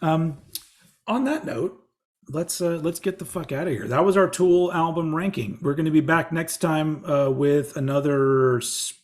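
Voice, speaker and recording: A man's voice: fairly high pitch, normal speed. A man from Texas co-hosting a music podcast, chatting casually, rambling and swearing with a laugh. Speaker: podcast co-host. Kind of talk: casual chat.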